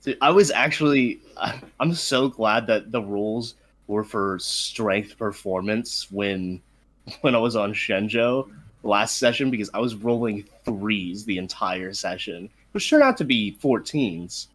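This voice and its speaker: A man's voice: lowish voice, expressive, measured pace, fairly bright tone, breathy edge. A man playing a tabletop game, chatting casually and laughing often. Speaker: player.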